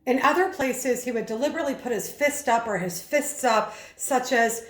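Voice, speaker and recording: A woman's voice: a little high, moderate pace, few pauses, roomy sound. A woman speaking coach giving an analytical video commentary, explaining and acting out the vocal emphasis she describes.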